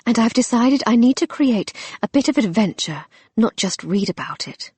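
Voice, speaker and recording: A coy young English wife full of mischief, as a woman narrator puts her on. She teases in a breathy, husky tone that climbs upward, close and dry with no room sound. An audiobook figure, playful and daring. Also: a little high, expressive, normal speed, darkish tone, no echo, pitched above the performer's own voice. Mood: earnest.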